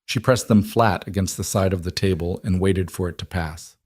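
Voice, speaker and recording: A man narrating a scripted story in a measured, steady delivery. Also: low voice, no echo, clean studio sound.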